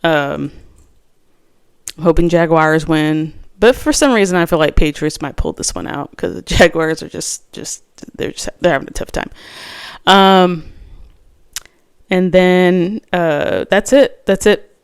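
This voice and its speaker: A woman's voice: sits low, lively intonation, a little slow, gravelly, long pauses, clear, resonant tone. A woman host chatting casually and alone about her fantasy football picks, rambling with lots of restarts and fillers. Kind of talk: casual solo chat.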